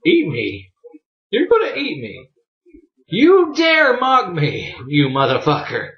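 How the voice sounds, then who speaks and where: A man voicing a furious, sadistic giant fire dragon that yells scornfully, on a dull lo-fi recording. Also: medium pitch, wildly swooping pitch, slow, roomy sound. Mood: outraged. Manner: scornful yelling.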